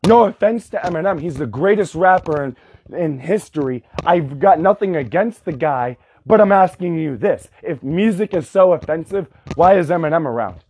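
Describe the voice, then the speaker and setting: A man's voice: a little high, lively intonation, normal speed, darkish tone, husky. A man around thirty delivering an angry, sarcastic, profanity-heavy rant straight to camera. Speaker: vlogger. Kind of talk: profane ranting monologue.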